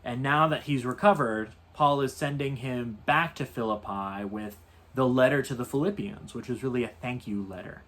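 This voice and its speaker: Relaxed priest teaching. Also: male voice, medium pitch, normal speed. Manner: relaxed, thoughtful, with "you know" asides. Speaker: priest leading Bible study. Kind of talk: conversational Bible teaching.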